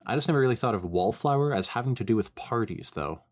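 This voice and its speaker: A man co-hosting a podcast, chatting casually in an animated, rambling way. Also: medium pitch, quick pace. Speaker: podcast co-host. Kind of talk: casual chat.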